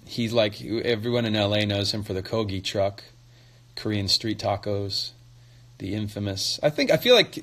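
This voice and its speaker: A man's voice: fairly low pitch, fairly bright tone. A man in his forties casually answering fan questions on a phone livestream, loose and chatty with many fillers and restarts.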